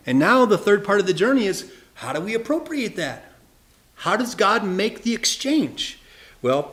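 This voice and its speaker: A man's voice: high-pitched, a bit bright. A man giving an earnest sermon, often repeating words and speaking straight to his listeners. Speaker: preacher teaching evangelism.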